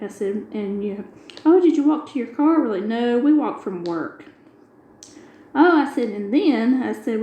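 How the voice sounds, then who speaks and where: Her voice sits on the high side but has a dark tone, and the rough recording sounds roomy. She's a middle-aged craft video host chatting casually while diamond painting. She retells a long everyday story, complete with quoted dialogue.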